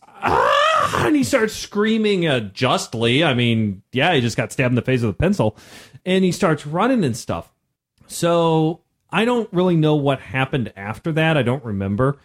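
Thirties man for podcast chat; lively storyteller, a bit high-pitched, acts out the voices. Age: 30s. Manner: animated, acts out voices in his stories. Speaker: podcast co-host.

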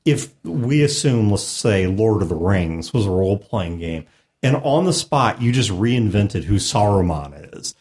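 A man's voice: lowish voice, lively intonation, measured pace, darkish tone. A man who is a game master and podcast host, explaining a tabletop game in casual chat with a wry manner and frequent laughter.

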